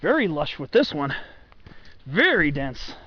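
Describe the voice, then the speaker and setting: A man's voice: fairly high pitch, sing-song, measured pace, muffled recording. A man filming himself on a forested mountain hike, talking to the camera with enthusiastic, gushing praise for the trees as he walks. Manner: enthusiastic, gushing over the trees, talks to the camera while walking. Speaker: hiker filming his hike. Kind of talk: casual hiking vlog narration. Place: outdoors on a forested mountain trail.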